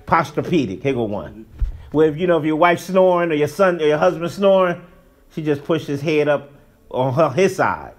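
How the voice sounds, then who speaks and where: A man teaching a religious class in an emphatic, colloquial preaching manner. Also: mid-range voice. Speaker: Islamic teacher. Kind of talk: religious lesson.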